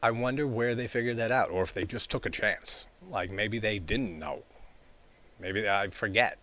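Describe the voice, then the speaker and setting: A man's voice: on the low side, normal speed, pushed and bright, slight background noise. A man talking casually and rambling as he discusses a horror film, with many filler words and frequent chuckles. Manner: rambling, heavy use of "like", chuckles often. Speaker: horror movie reviewer.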